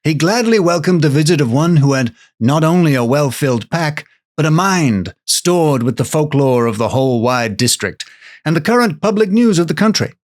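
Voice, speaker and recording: A man reading from an old book in a put-on generic American accent, in a measured, formal voice. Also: fairly high pitch, expressive, pitched above the performer's own voice, close to an everyday voice.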